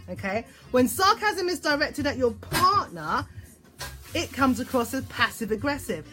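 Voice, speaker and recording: Lively, animated woman therapist. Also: sits high. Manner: animated, checks in often with "okay?"; acts out example phrases in voices. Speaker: relationship therapist. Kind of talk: instructional talk on relationships.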